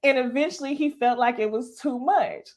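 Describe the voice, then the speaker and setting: A woman's voice: high voice, normal speed, a little mellow. A young woman giving casual reaction commentary on a reality show, blunt and profane, laughing often and talking straight to her viewers. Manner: addresses viewers directly as "y'all". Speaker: YouTuber reviewing a reality dating show.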